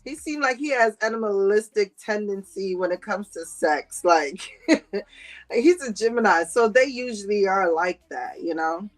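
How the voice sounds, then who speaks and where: A woman's voice: medium pitch, animated, a little slow. A woman hosting a livestream, reading chat comments and gossiping in a sassy, slangy way with frequent laughter.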